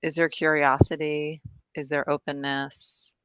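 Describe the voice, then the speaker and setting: A woman's voice: low-pitched, little pitch movement, a little slow, a bit bright, clear, resonant tone, no echo. A woman presenting and discussing on a video call, chatty and enthusiastic, laughing often. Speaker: guest presenter.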